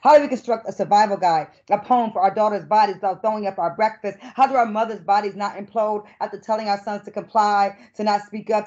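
A middle-aged woman poet who performs spoken-word poetry and talks about her work in an expressive, emphatic way. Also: mid-range voice. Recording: dull lo-fi recording.

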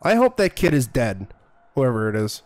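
A man's voice: mid-range voice, very animated, normal speed. A man streaming a horror game, commenting in a profane, sarcastic and irritated way. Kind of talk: live gameplay commentary.

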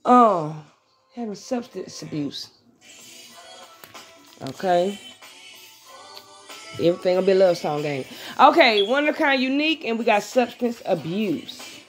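With long pauses and a slightly slow pace, a woman with a mid-range voice vents to her audience over soft background music. The vlogger is animated, blunt and profane, addressing viewers directly, before drifting into a live tarot reading.

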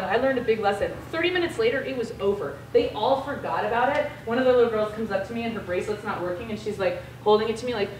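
An American woman giving a guest lecture to a class, telling a story in a frank, casual, lively way. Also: on the high side, a little hiss or hum. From United States. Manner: animated storyteller, casual and frank with mild swearing. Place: lecture room. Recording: echoey room, voice from far off.

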